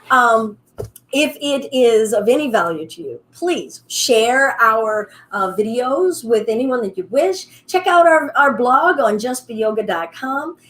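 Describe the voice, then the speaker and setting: A woman leading a live online yoga class, with a calm, soothing way of guiding that turns upbeat and playful. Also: fairly high pitch, measured pace, poor audio. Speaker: yoga instructor.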